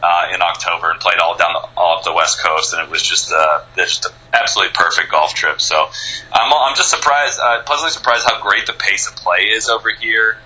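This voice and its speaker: Male radio guest, American, low and sharp-toned, enthusiastic and rambling. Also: fairly quick, rough recording. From United States. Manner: rambling, enthusiastic, many restarts. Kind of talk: casual interview chat.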